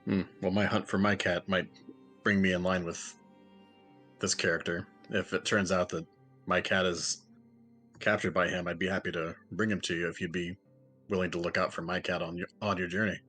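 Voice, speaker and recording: A man voicing a polite adventurer in a tabletop game, searching for his lost cat, speaking in a measured way. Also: low-pitched, flat delivery, fairly bright tone, faint music behind.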